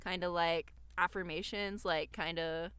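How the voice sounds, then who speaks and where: A young woman co-hosting a podcast in casual chat, upbeat and chatty with quick reactions. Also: on the low side, steady tone, a bit bright, clean tone, no echo. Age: young adult. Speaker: podcast co-host.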